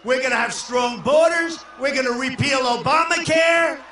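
An older man from New York giving a boastful, rambling rally speech to a crowd and shouting some lines. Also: extremely high pitch, moderate pace. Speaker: political candidate at a rally. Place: large indoor arena. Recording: echoey hall from far off.

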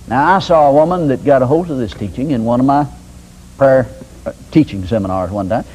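A man's voice: mid-range voice, animated, brisk, a little mellow, breathy edge, poor audio. An older man preaching a sermon in a folksy, conversational way with homespun examples. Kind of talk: sermon teaching.

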